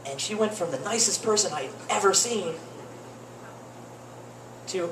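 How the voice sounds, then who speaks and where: A young man doing rambling open-mic stand-up comedy in a cafe, with deadpan asides. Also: high-pitched, unhurried, long pauses, a crowd in the background. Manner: rambling, deadpan asides, lively swings into mock voices. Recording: roomy cafe with faint noise, distant mic.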